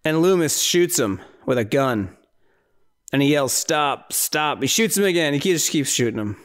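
Smooth-voiced man recapping a movie. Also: fairly high pitch, animated, moderate pace. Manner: rambling, incredulous, laughing at the film. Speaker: podcast host.

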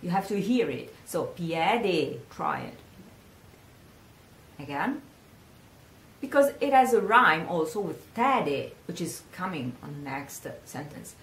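A woman from Italy with an Italian accent, a singing teacher giving a pronunciation lesson and repeating words slowly for the learner to echo. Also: lowish voice, very animated.

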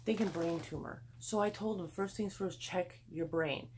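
A woman's voice: fairly low pitch, normal speed, noisy background. A middle-aged woman chatting at home in a rambling haul vlog, swearing freely as she talks. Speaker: vlogger. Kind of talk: casual haul vlog chat. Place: home, indoors.

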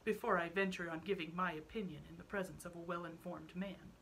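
A woman voicing a stern, frosty countess whose politeness is icy. The voice is bright and lowish. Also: fairly even intonation, a little fast, a little hiss or hum, poor audio. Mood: cold. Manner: cold, stern civility. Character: stern, cold married countess.

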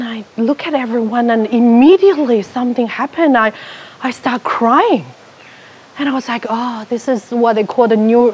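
High-voiced woman telling an animated story. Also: slight background noise. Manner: animated storytelling, acting out her own thoughts. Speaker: retreat participant. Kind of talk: personal testimonial.

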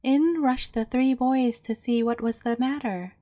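A woman storyteller reading a bedtime fairy tale aloud in a gentle, measured way. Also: sits high, fairly even intonation, dry recording, clean studio sound.

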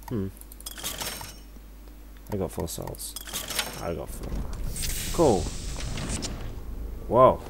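Slow-talking sarcastic man gaming. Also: mid-range voice, gravelly, a little hiss or hum. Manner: sarcastic, swears, quick outbursts of alarm. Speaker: gameplay commentator. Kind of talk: let's play commentary. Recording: game music playing underneath.

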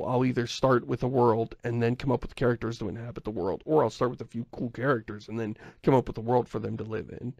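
Podcast co-host, male, gravelly mid-pitch, rambling, casual, dry sound. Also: darkish tone, no echo. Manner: rambling, self-correcting, chuckles often.

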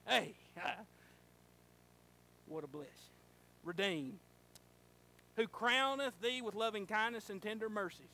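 A male pastor preaching a sermon in a church, telling a folksy story and rising to fervent shouting. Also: sits high, slow pace, vocal fry, pauses often. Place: church sanctuary.

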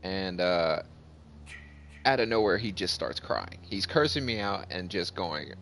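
A man hosting his gaming channel, casually telling a story over gameplay, getting animated as the story builds. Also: deep voice, a little slow, vocal fry, slight background noise. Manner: animated storyteller, voice jumps up when retelling. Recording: faint music behind.

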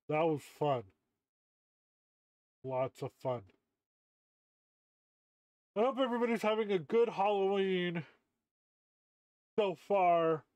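A man with a high-pitched, slightly mellow voice chats casually on a game stream, sounding stuffy and muffled behind a costume mask. He jokes, chuckles often and swears freely. The lo-fi audio is dull and muffled, with no room sound.

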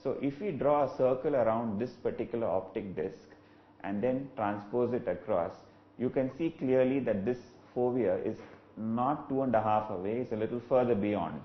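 A man, an eye doctor, giving a clinical webinar lecture in a measured, explanatory way with frequent "uh" fillers. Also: medium pitch, highs cut off. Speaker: ophthalmologist lecturer.

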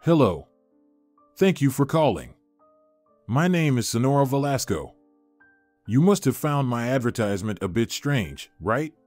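A man voicing a brisk, courteous woman calling about an unusual job. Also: mid-range voice, sing-song, darkish tone, dry recording, soft background music. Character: woman phoning from a fancy household.

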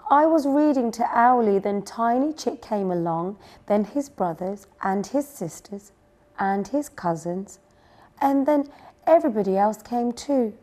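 A woman voicing a small, fussy male owlet who insists everyone sit quietly before he reads, in a children's storybook. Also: mid-range voice, animated, measured pace. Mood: complaining. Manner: insistent, complaining.

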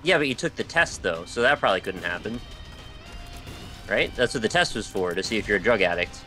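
A man's voice: fairly low pitch, sing-song, fairly quick, bright, forceful tone, faint music behind. A man co-hosting a gaming stream in casual chat, dry and teasing. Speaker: streamer co-host.

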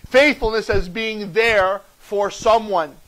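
A pastor delivers his sermon in a fairly high male voice. He preaches emphatically, repeating key phrases and swinging between loud declarations and hushed asides. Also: fairly even intonation, slow pace, poor audio.

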